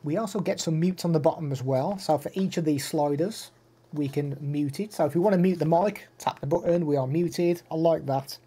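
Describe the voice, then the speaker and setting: A man's voice: on the high side, a little fast, warm tone, husky. A male streamer chatting casually during a live stream, showing gear and answering viewers, laughing easily.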